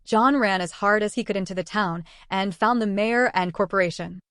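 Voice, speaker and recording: A woman narrating a storybook in an even, measured way. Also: mid-range voice, no echo, studio quality.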